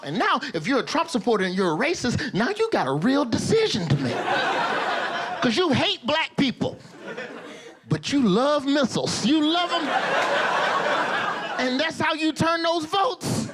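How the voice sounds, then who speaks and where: A man's voice: sits high, sing-song, a little fast, noisy background. A male stand-up comedian performing a boastful, building routine in a comedy club. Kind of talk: stand-up set.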